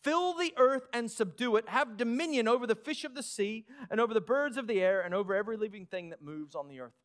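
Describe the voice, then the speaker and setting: A male pastor with an Australian accent preaching a sermon, lively with sarcastic asides. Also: sits high, fast.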